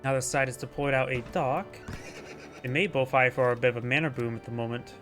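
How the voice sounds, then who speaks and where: A man's voice: medium pitch, steady tone, a little fast, fairly bright tone, faint music behind. A man giving casual, chatty play-by-play commentary on a strategy game match. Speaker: game caster.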